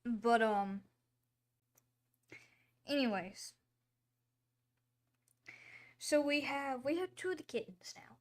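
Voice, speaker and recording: A woman's voice: a little high, lively intonation, slow, long pauses. A woman hosting a casual livestream, talking in a rambling, chatty way with lots of fillers and apologies. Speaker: livestream host.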